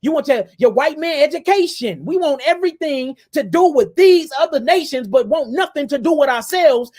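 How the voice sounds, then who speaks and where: A man's voice: very high voice, expressive, normal speed, hardly any pauses, darkish tone. A man giving a fiery, impassioned lecture to his viewers, ranting and repeating himself and calling them family. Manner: addresses listeners as family and y'all. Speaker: host.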